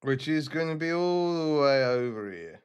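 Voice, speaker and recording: Male game streamer, chatty and self-deprecating, with a lively, animated delivery. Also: mid-range voice, normal speed, clear, resonant tone, muffled recording. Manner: rambling, self-mocking, chatty. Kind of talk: casual game stream chat.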